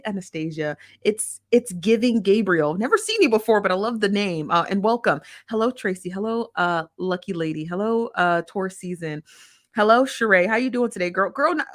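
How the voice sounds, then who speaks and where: Chatty, blunt woman hosting a livestream. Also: mid-range voice. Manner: animated and chatty, greets viewers one by one; frank and blunt, uses slang. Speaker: livestream host. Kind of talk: casual livestream chat.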